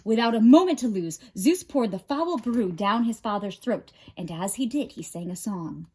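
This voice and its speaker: A woman librarian reading a picture book aloud with expressive, dramatic narration. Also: a little high, normal speed, breathy edge. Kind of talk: storybook read-aloud.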